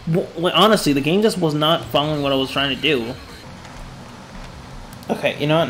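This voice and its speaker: A man giving excitable gameplay commentary, yelling in frustration and rambling. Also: on the high side, brisk, long pauses, a little hiss or hum. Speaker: gaming YouTuber.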